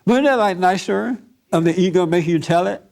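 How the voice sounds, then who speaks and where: A man giving a Sunday sermon as a relaxed, chatty storyteller. His voice sits a little high for a man, and he turns to his listeners and laughs at his own anecdotes as he goes. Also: a little fast, gravelly. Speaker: pastor leading a Sunday service.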